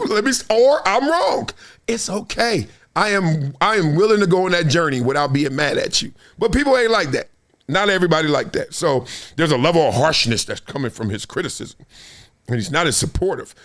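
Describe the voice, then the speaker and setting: A man's voice: a little high, expressive, a little fast, fairly bright tone. A middle-aged man, a former football player, hosting a solo sports commentary show in an emphatic, conversational way, often tossing in "right?".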